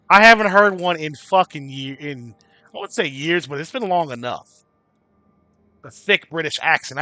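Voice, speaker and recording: Bright, high-voiced man ranting to chat. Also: no echo. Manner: ranting, addresses chat viewers by name; swearing freely. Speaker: livestream host. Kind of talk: casual livestream chat.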